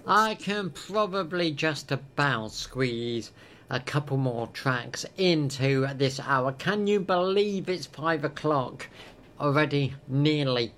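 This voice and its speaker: A man's voice: fairly high pitch, expressive, slow, a bit bright, slight background noise. A man working as a radio DJ, making self-mocking jokes between songs. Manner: jokey, self-mocking banter.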